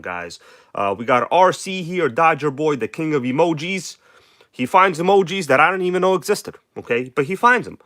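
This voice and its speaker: A man's voice: mid-range voice, a bit bright, no echo, studio quality. A man with a New York accent hosting a casual live stream from an indoor workbench, chatty and emphatic as he greets viewers by name over a phone mic.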